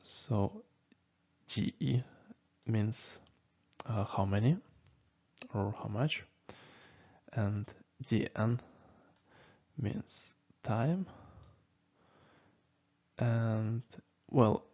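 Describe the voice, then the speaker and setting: A man teaching a casual spoken language lesson, talking slowly and haltingly with many fillers and frequent "okay?" checks. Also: fairly low pitch, expressive, darkish tone. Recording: dull lo-fi recording.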